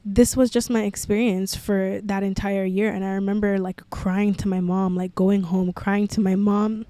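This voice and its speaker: A woman's voice: mid-range voice, level tone, normal speed, warm tone, dry recording. Candid young woman telling a personal story. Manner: candid, filler-heavy with frequent "like". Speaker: podcast host.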